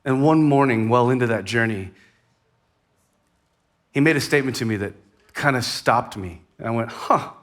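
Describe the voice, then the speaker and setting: A man's voice: medium pitch, normal speed, long pauses. Conversational male pastor preaching. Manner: conversational, animated with sudden rises and soft drops. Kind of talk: sermon. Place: church.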